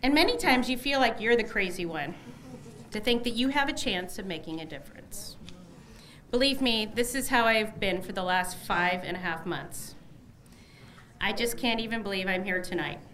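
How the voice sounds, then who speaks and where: Bright, emotional woman giving a victory speech. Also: medium pitch, expressive, moderate pace. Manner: emotional, effusive and grateful, lists many thanks. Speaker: newly elected candidate. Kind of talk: election night victory speech. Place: campaign headquarters party.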